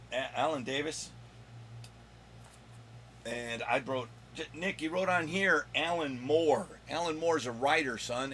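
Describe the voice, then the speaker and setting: A man hosting his own video countdown of comic finds, rambling and joking with his son off camera, with a slightly hoarse voice. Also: medium pitch, a bit bright, a little hiss or hum. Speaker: comic collector and channel host.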